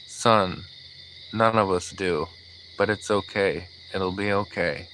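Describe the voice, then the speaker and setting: A man voicing a calm, gentle old man who speaks softly and steadily in a coaxing way. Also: sits low, slow pace, a little hiss or hum, full character voice, low-quality recording.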